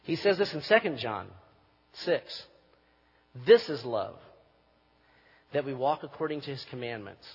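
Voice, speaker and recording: A man preaching a sermon as pastor, moving from quiet reflection to forceful emphasis. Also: medium pitch, big pitch swings, measured pace, pauses often, breathy edge. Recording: muffled recording with long hall reverb.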